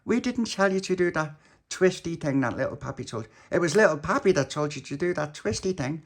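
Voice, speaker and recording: A man's voice: a little high, lively intonation, a little fast, pitched above the performer's own voice. Man doing a sensible teasing little girl.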